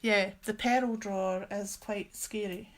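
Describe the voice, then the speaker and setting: A woman's voice: medium pitch, steady tone, unhurried. A woman hosting a casual crafting livestream from her craft room, chatty and gushing, often giggling.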